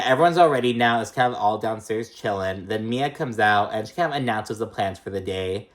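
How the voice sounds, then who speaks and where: Recap vlogger: casual, profane, filler-heavy, mid-range voice, animated when mimicking the cast. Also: medium pitch, moderate pace, hardly any pauses. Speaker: reality TV recap host. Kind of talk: casual gossipy episode recap.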